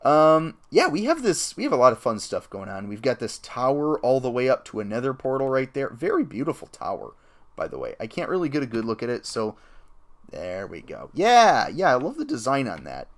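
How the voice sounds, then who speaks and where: Man, casual, chatty, animated pitch, game-stream commentary. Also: a little fast. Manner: rambling and chatty, with excited jumps in pitch.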